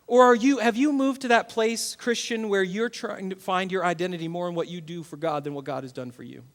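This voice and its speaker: A man in his thirties, a pastor preaching a sermon to his church, swinging between loud bursts and quiet, earnest passages. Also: sits high, a little fast.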